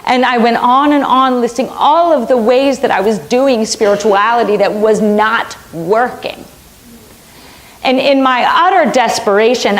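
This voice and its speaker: A middle-aged woman minister with a slightly high voice gives a sermon. She earnestly tells a personal story, repeating phrases for emphasis.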